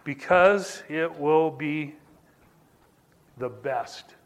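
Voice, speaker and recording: This male pastor preaches with drawn-out words in a voice on the high side, over a little hiss or hum. Telling a personal story, he addresses listeners directly in a conversational tone and keeps repeating phrases to build emphasis.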